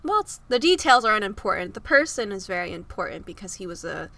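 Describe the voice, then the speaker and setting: A woman's voice: mid-range voice, very animated, fast, bright, forceful tone. A young woman in her twenties hosting a podcast, talking through a personal story in an emotional, tearful way and laughing at herself. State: sniffly from crying. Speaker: podcast host. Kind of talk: personal confessional monologue. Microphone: close microphone.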